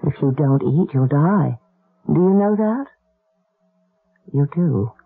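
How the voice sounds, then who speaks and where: A brisk, practical lady. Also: deep voice, animated, slightly rough, full character voice. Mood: grave. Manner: brisk, matter-of-fact. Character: brisk, practical woman of the household. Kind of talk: 1970s radio drama acting. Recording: lo-fi old radio broadcast.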